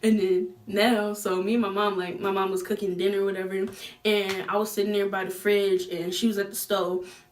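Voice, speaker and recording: A young adult woman telling a casual storytime, slangy and animated, jumping her pitch to act out what people said. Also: normal speed, recorded from a distance, a little hiss or hum. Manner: animated, slangy, acts out quoted lines with big pitch jumps. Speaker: vlogger.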